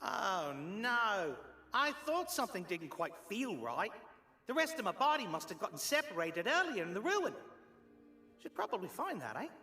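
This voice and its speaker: A nervous, polite cyclops from a video game, talking in a very high, bright voice. He frets and apologizes at every turn. Long reverb trails behind him. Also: sing-song, moderate pace, heavily acted. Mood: cheerful. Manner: fretful and apologetic, British slang. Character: timid, polite male cyclops archaeologist.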